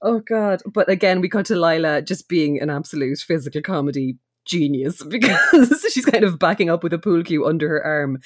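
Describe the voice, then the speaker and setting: A woman co-hosting a podcast in casual chat, laughing often and swearing as she gets excited. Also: fairly low pitch, moderate pace, few pauses. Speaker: podcast co-host.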